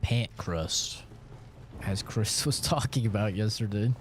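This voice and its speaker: A man's voice: lowish voice, slow pace, slight background noise. A man in his twenties chatting casually on a live stream, boastful and profane in his banter.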